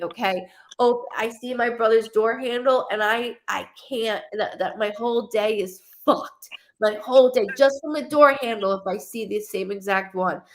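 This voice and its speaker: A woman psychic medium giving a live reading, talking in a rambling, emotional way and cursing freely. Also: mid-range voice.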